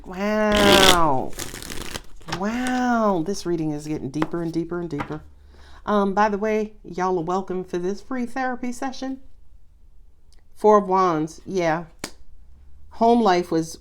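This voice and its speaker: A woman giving a casual, expressive tarot reading, chatting freely and exclaiming often. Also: mid-range voice. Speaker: tarot reader.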